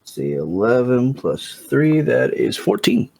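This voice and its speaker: A man's voice: mid-range voice, huge pitch swings, unhurried, gravelly, a little mellow, breathy edge, dry recording. A man playing a tabletop game on a voice call, rambling and stopping himself mid-thought. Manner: rambling, self-interrupting. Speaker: player. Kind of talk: casual tabletop chat.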